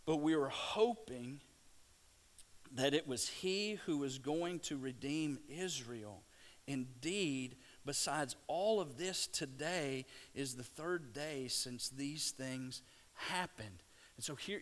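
A middle-aged man preaching a sermon, telling scripture stories with lively restarts and stammers. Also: medium pitch, slow pace. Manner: animated storytelling, stammering restarts.

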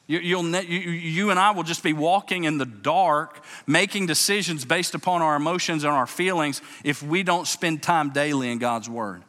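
A man's voice: fairly high pitch, brisk, few pauses, sharp tone. A male pastor preaching a sermon, emphatic and given to repeating and restarting his words, in a church sanctuary. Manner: emphatic, repeats words, keeps saying "watch this". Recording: long reverb of a large sanctuary.

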